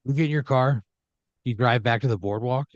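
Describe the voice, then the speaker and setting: A man's voice: medium pitch, a little fast, no echo, muffled recording. A man narrating an improvised comedy scenario in a loose, rambling way. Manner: rambling, loose narration with fillers, puts on voices for characters. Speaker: host.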